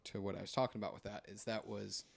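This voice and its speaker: A man's voice: fairly low pitch, little pitch movement, quick pace, vocal fry. A man co-hosting a podcast, chatting casually in a rambling, hedging way. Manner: rambling, self-deprecating, hedges with "I think". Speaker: podcast co-host. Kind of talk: casual chat.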